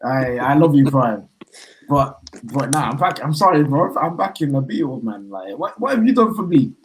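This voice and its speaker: A young man from the West Midlands of England, talking as a podcast guest in animated, slang-heavy casual banter about football. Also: mid-range voice, normal speed, slight background noise, rough recording.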